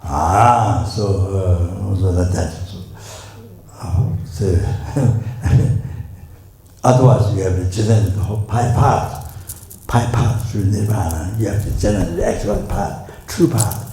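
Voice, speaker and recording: An older man with a Tibetan accent giving a Buddhist teaching in English, halting with many fillers and repeated words, and suddenly loud for emphasis. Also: low-pitched. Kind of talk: Dharma teaching. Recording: echoey hall with faint noise.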